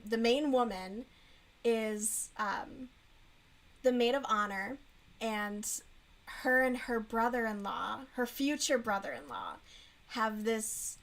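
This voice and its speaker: A woman streamer in casual chat while crocheting, bluntly and mockingly reviewing books. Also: fairly high pitch. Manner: blunt, frank, mocking book review with laughs.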